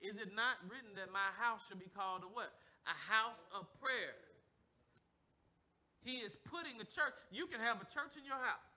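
Bright high-voiced man preaching. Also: normal speed. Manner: call-and-response preaching, asks the congregation to finish his sentences; animated, acts out voices and laughs while preaching. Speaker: pastor. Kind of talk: sermon.

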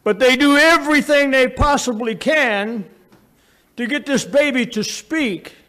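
A man preaching, his voice sitting high for a man. He tells homey stories about babies and parents, pushing some lines up with emphasis and dropping others to a quiet murmur. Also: unhurried. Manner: folksy storytelling, swings from raised emphasis to low quiet asides. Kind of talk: sermon.

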